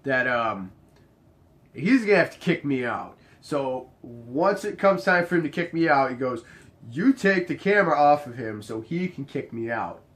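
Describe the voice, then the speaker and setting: A young man casually telling a bartending story, acting out each exchange with sudden jumps up in his voice. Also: moderate pace. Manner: animated, acts out the dialogue, jumps high in pitch when quoting others.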